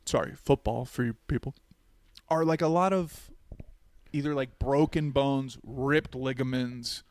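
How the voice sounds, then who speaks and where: A man's voice: medium pitch, unhurried, darkish tone, smooth. A man co-hosting a podcast in a studio, talking in a rambling, joking way and laughing often. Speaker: podcast co-host. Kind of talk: casual podcast banter.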